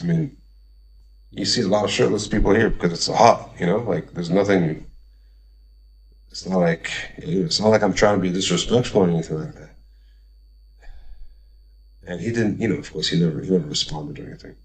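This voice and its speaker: A man's voice: deep voice, lively intonation, moderate pace, creaky, pauses often, poor audio. A man telling a story in a loose, rambling vlog monologue, swearing freely and tossing in "man" and "like". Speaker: vlogger.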